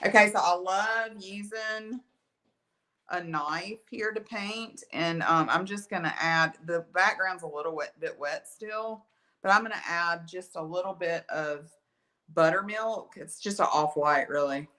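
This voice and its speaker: A woman's voice: lowish voice, unhurried, pushed and bright. A woman with an Alabama accent giving a chatty, folksy live painting tutorial, with a slight lingering cough. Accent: Alabama Southern US. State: lingering cough after being ill. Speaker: art instructor.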